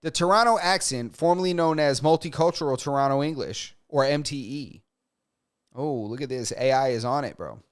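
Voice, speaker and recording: A man's voice: mid-range voice, moderate pace, clear, resonant tone. A young man co-hosting a podcast, chatting casually in a loose, joking, slangy way and now and then mimicking other people. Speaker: podcast co-host. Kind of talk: casual chat.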